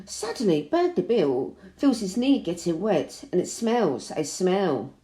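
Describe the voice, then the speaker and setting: A woman reading a children's picture book aloud in an expressive, animated way. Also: on the low side, a little slow. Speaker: storybook reader. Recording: roomy echo.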